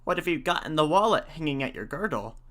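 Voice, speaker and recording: Man doing a high, chattering folktale monkey, cheeky and reedy. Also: animated, fast talker, sharp tone. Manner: chittering monkey cries.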